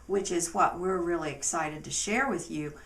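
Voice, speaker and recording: A woman's voice: on the low side, moderate pace, a bit bright, echoey room, far from the mic. A woman, a relationship coach co-hosting with her husband, talking to camera in a friendly, casual way.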